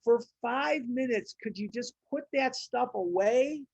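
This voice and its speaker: A woman's voice: a little high, unhurried, slightly rough, no room sound. A woman leading a recovery study group, reading passages aloud and commenting on them with emphatic, repeated phrases. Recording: dull, muffled audio.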